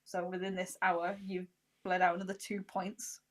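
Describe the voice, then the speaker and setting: A woman's voice: lowish voice, flat delivery, moderate pace. Giggly woman running a tabletop game. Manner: giggly, chatty, lots of fillers. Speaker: game master.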